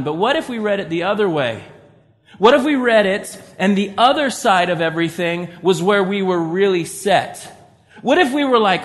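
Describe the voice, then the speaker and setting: A man's voice: high-pitched, animated, moderate pace, a bit bright. A man preaching a conversational sermon as pastor, acting out inner voices with little sighs. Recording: long reverb of a church hall.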